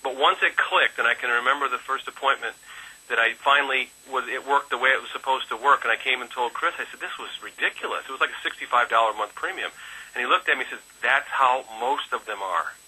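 A man's voice: medium pitch, fast talker, bright, forceful tone, slightly rough, rough recording. A man who works as an insurance agent, telling a rambling personal story on a phone conference call, full of fillers and restarts. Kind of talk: casual testimonial.

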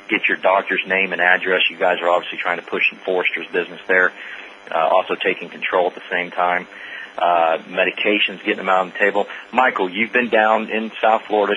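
A deep-voiced man hosts a sales team call with a bright, forward tone. He sounds upbeat and generous with praise, and drops casual fillers between thoughts. The audio is dull and lo-fi, like a conference line. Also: a little hiss or hum.

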